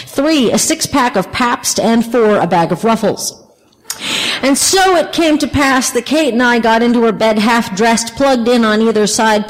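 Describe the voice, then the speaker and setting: A woman author reading from her memoir to an audience, wry and expressive. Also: fairly high pitch, long reverb tail, poor audio. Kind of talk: literary reading.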